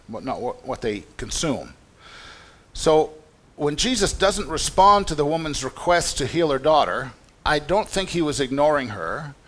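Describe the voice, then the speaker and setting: A man's voice: a little high, fairly bright tone. A man preaching a sermon in a conversational, explanatory way, often restarting his sentences. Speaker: pastor. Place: church meeting room.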